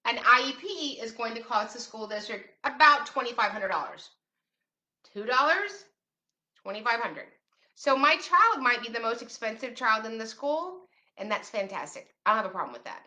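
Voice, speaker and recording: A woman's voice: on the high side, animated, moderate pace, sharp tone. A middle-aged woman hosting a show on parents' rights, talking casually with sarcastic, teasing asides. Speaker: special education advocate and host. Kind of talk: casual talk to camera.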